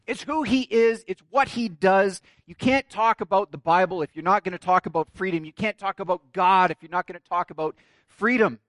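A man's voice: high-pitched, brisk, fairly bright tone, no room sound. A man preaching a sermon, telling a story and building to emphatic declarations. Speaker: pastor.

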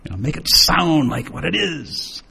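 A man preaching and teaching with storytelling. He swings his pitch and volume for dramatic effect. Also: very animated, normal speed, creaky, heavy background noise. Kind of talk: sermon-style teaching.

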